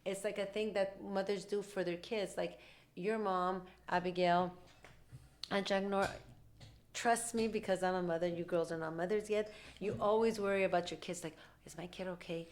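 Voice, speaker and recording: A woman hosting a podcast and telling stories in a relaxed, chatty way. She talks fast and lively and slips into other people's voices when she quotes them. Her voice sits at a middling pitch for a woman. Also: a little hiss or hum. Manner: rapid, animated talk, acting out quoted dialogue. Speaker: podcast host; mother. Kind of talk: casual conversational storytelling.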